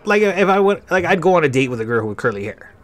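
A man's voice: a little high, sing-song, fast talker. A man telling a rambling, profane personal story during a game playthrough, often correcting himself. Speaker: gaming channel host.

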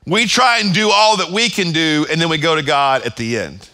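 Male pastor, sermon delivery: bright, forceful tone, slightly high pitch, emphatic repetition. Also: normal speed. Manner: emphatic preaching with repeated phrases. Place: church service.

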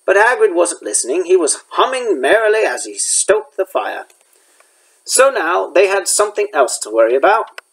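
A man's voice: sits high, sing-song, normal speed, slightly rough, rough recording. A male elementary school teacher reading a chapter book aloud, with occasional slips he corrects.

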